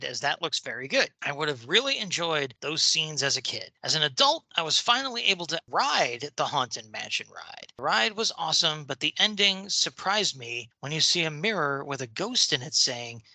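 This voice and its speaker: Man, podcast co-host, very bright tone, slightly high voice, casual mail-reading chat. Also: very animated, no room sound. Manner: jokey, quick asides with laughs.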